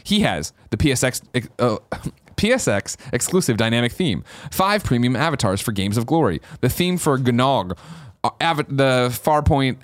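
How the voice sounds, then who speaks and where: A man co-hosting a podcast in casual chat, animated and swearing freely. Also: mid-range voice, moderate pace, no room sound. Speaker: podcast co-host.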